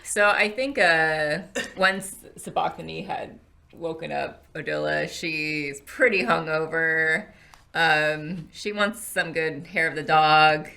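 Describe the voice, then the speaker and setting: A woman playing at a tabletop game, describing her character's plans in an unhurried, giggly way. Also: low-pitched, steady tone, vocal fry, sharp tone. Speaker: player.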